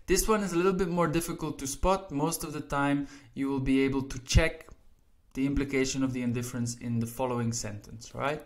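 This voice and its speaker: A man explains a language lesson in a patient, step-by-step way, with a mid-range voice. He slows down to read each example sentence and checks in with "right?" after almost every point. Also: mid-range voice, steady tone. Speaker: language teacher.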